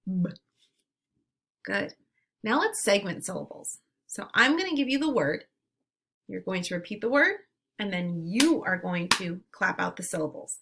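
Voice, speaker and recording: A woman teacher leading a phonics drill for young children, giving slow, clear, drawn-out word prompts. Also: mid-range voice, sing-song, a bit bright, a little hiss or hum. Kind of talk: phonemic awareness lesson for young children.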